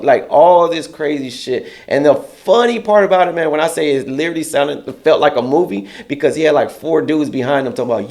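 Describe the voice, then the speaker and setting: With a fairly high, slightly mellow voice and a brisk pace, a man being interviewed recounts a story in casual, profane speech. He performs other people's lines in a raised, heated voice, keeping the storytelling animated.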